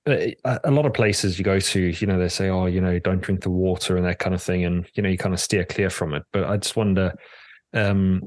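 Man from the UK, lowish voice, dry close mic, hesitant, thinking aloud. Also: steady tone, fairly quick, a little mellow, no room sound. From United Kingdom. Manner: hesitant and musing, many fillers and trailing questions. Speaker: podcast co-host. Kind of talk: casual chat.

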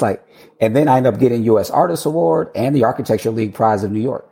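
A male architect telling stories about his career in a casual interview, animated, laughing often and swearing casually. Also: medium pitch, quick pace, vocal fry.

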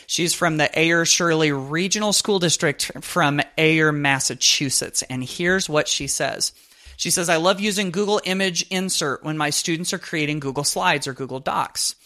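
A man hosting a podcast, reading a network plug and a listener's question in a brisk, announcer-like way. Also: on the high side, sharp tone. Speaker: podcast host.

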